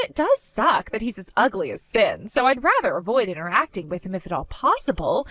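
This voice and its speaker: A woman's voice: on the high side, a bit bright, dry recording. A woman voicing a spoiled, bratty young woman who taunts her older sister in a mocking, sing-song way. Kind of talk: animated story voice acting.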